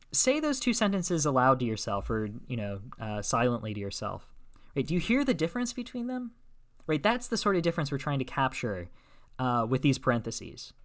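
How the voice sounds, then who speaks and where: A man giving a logic lecture. He works through each step slowly and keeps checking in with the class. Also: mid-range voice. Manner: explains step by step, with many "right?" checks and fillers.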